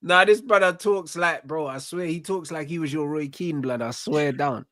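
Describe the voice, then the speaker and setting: Animated man, podcast co-host, slangy football chat, dry close sound. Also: fairly high pitch, normal speed, dry recording. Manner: animated, slangy, laughs often. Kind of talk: casual banter.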